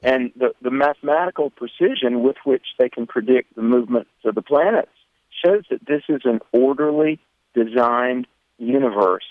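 Southern pastor guest on a dry phone line, earnest and conversational. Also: male voice, medium pitch, normal speed, no echo. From American South. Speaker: radio guest, pastor and co-host. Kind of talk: phone-in radio interview.

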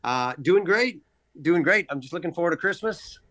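A man's voice: fairly high pitch, expressive, normal speed, bright, forceful tone, no echo. A man who is a guest on a radio talk show, answering casually and easygoing, with hesitant fillers. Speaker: guest on a phone or remote line. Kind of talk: casual interview chat.

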